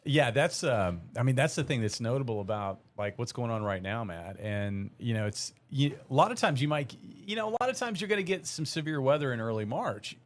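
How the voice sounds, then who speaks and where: A middle-aged man talks through the seasonal weather outlook on a live broadcast. He explains in a loose, chatty way, full of "you know" and "um". His pitch is an everyday middle for a man. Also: lively intonation, fairly quick, few pauses. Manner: conversational, explanatory, lots of fillers. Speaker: meteorologist.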